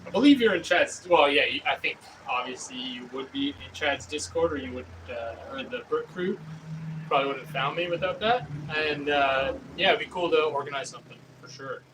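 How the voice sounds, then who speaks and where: A man's voice: fairly high pitch, brisk. Rambling man, distant mic. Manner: rambling and hesitant, many fillers and restarts. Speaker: pottery livestreamer. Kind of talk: casual chat with live chat while throwing pottery. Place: pottery studio with a wheel running. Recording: distant mic with faint room noise.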